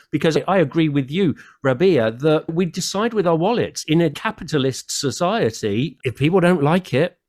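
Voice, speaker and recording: A man's voice: a little high, a little mellow. A man on a comedy panel, making his case reflectively through rhetorical questions. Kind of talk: casual panel chat.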